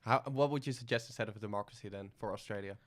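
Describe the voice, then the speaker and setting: A man's voice: fairly low pitch, very fast. Man hosting a casual chat. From Netherlands. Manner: curious, teasing questions. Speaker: podcast host.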